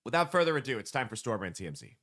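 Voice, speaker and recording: A man hosting a casual comedy podcast, joking loosely and throwing in sudden loud bursts. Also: medium pitch, very animated, rapid-fire, heavy background noise. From United States. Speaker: podcast host.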